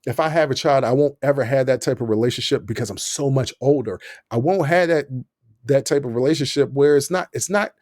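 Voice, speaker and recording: A man hosting a podcast, telling a story in a lively, casual way and laughing often. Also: medium pitch, a little fast, no echo, clean studio sound. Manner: animated, laughs often while telling stories. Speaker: podcast host.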